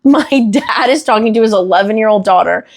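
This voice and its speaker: Young woman host spinning a story, lots of swearing and laughs, mid-pitched voice. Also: brisk. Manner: animated, profane, laughs often. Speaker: podcast host. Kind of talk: casual storytelling chat.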